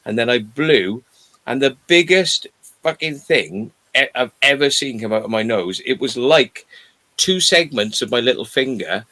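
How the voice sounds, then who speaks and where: Bloke rambling through a story, swears freely, middle-pitched voice. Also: male voice, lively intonation, a little slow, sharp tone. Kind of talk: casual chat.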